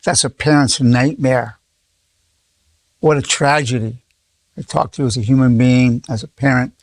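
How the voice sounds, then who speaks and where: A man's voice: medium pitch, steady tone, normal speed, no room sound. A man in his eighties, a psychologist, giving an informal lesson full of stories, often repeating himself and acting out quoted dialogue. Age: 80s. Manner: repeats words and restarts, acts out quoted dialogue. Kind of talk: informal teaching talk with anecdotes.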